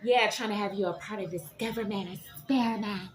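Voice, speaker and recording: A woman giving a tarot reading to her viewers, animated and dramatic, often checking in with "okay?". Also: medium pitch, brisk, hardly any pauses, music in the background. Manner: animated, keeps asking "okay?". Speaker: tarot reader.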